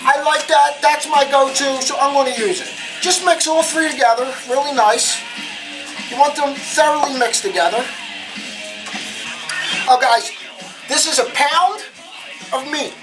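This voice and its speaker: A woman hosts a casual cooking lesson at home, chatty and upbeat as she walks viewers through every step, often exclaiming "boom" and asking "okay?". She speaks at a measured pace with frequent pauses, over guitar music and poor audio.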